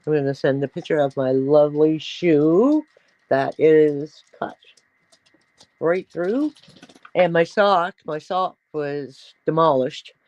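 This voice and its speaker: A woman's voice: low voice, slow, darkish tone, no room sound, dull audio. A middle-aged woman hosting a casual livestream, chatting in a rambling way and cooing at her pets. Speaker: livestream host.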